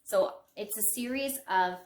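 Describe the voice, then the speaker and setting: A middle-aged woman with a Western Canadian English accent talks through her crochet projects in a loose, rambling way, tossing in self-deprecating asides. Her voice sits at an ordinary middle pitch for a woman. It rings a little in a roomy, echoey space. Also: a little slow, a little hiss or hum. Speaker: crochet podcast host. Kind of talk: casual show-and-tell chat. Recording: roomy echo.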